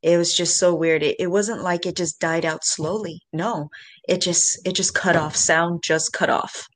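A woman telling a story in casual chat, animated, swearing and speaking straight to the listeners. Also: on the low side, unhurried.

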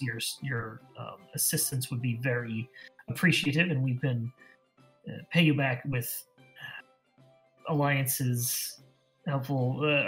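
A man's voice: medium pitch, fairly bright tone, lightly acted. A man playing a formal noble field agent. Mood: persuasive. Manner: formal, hesitant, filler-laden. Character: smooth male noble field agent recruiter.

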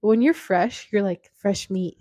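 A young woman in her twenties telling a dating story in casual chat, animated and often laughing as she talks. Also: mid-range voice, normal speed, dry recording. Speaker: podcast guest.

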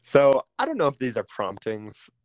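A man candidly telling a personal story as an interview guest, pausing often with ums and restarting phrases. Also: medium pitch, huge pitch swings, a little hiss or hum. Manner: halting, with frequent ums and restarts.

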